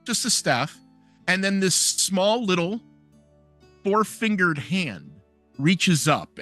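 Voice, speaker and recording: A man describing his character in a tabletop game, slow and vividly descriptive. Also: fairly high pitch, sharp tone. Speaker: player.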